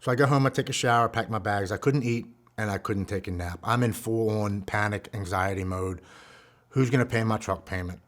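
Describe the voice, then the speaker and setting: A man in his forties telling his own recovery story in an earnest, emotional way, dropping to a hushed voice at the heavy moments. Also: fairly low pitch, fairly quick. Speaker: guest speaker.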